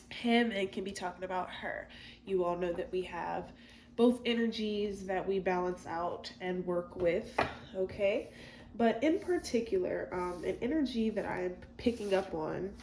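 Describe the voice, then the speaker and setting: A chatty woman reads tarot cards in a loose, rambling way, full of fillers and side remarks. Her mid-pitched voice sounds roomy and echoey, with a faint hiss underneath. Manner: chatty, many fillers and asides. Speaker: tarot reader. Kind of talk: casual tarot reading. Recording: echoey room with faint noise.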